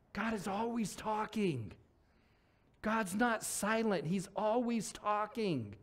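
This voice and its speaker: High-voiced man preaching a lively sermon. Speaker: pastor. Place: church sanctuary.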